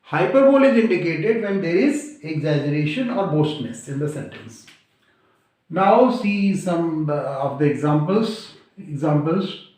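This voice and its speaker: A man teaching grammar in a slow explanatory lecture, deliberately repeating and defining each term. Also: a little high, lively intonation, darkish tone. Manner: repetitive, deliberate, defines terms over and over. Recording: very echoey room.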